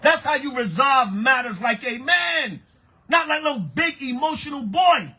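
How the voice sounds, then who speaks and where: Male priest, high bright husky voice, animated street-style sermon. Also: unhurried. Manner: animated, preaching with call-and-response.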